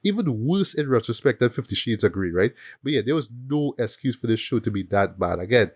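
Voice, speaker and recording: A man's voice: medium pitch, fairly quick, dry recording, studio quality. A man hosting a casual film review chat, talking animatedly and often stopping to ask "right?". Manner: animated, repeats words and asks "right?" often. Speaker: film review podcast host.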